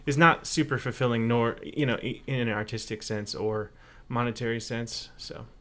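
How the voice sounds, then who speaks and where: A man's voice: medium pitch, moderate pace, pushed and bright. Young man, band guest, loose casual interview talk, jokey. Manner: playful, slips into joke accents. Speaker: band member, new guitarist.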